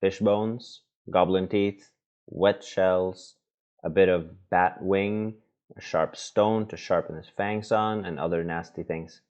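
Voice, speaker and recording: Very deep, slow reader. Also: male voice, fairly even intonation, lo-fi sound. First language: Norwegian. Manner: gentle, patient reading with small asides. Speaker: parent reading to his children. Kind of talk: storybook read-aloud.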